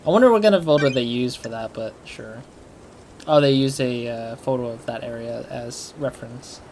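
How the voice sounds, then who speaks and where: Guy doing casual let's play commentary, chatty, thinking out loud. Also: mid-range voice, background noise. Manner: chatty, thinking aloud, quick laughs. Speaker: let's player.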